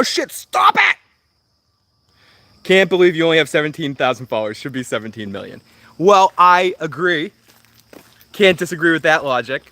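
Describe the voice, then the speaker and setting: A man's voice: fairly high pitch, a bit bright. A man in his thirties hosting a casual livestream from home, rambling and self-deprecating, swearing freely and laughing often while he reads viewer comments. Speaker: livestream host.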